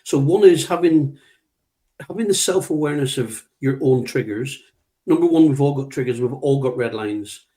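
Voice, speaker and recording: A man's voice: mid-range voice, moderate pace, mellow. A middle-aged British man, a leadership trainer being interviewed, talking emphatically, repeating key words and acting out what he would say. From United Kingdom. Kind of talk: conversational interview, anecdotal.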